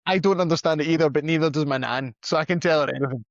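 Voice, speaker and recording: A man's voice: on the high side, very fast, no echo. A man, a podcast guest, talking cheerfully and laughing at himself. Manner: cheerful, self-mocking, laughs often. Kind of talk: casual podcast chat. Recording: slightly dull, dry sound.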